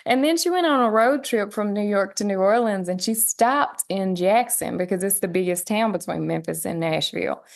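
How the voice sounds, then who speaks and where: A woman's voice: mid-range voice, normal speed, creaky, few pauses. Southern woman with a Tennessee twang. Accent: West Tennessee Southern twang. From West Tennessee, USA. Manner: storytelling, animated quoting of others. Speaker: guest musician. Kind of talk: casual interview chat.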